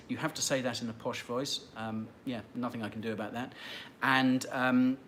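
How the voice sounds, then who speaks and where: A man's voice: mid-range voice, measured pace, fairly bright tone, slight background noise. A man hosting a casual livestream, answering viewer questions in a rambling, chatty way and teasing regulars. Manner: chatty and rambling, with many fillers and restarts, light teasing of viewers. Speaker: livestream host.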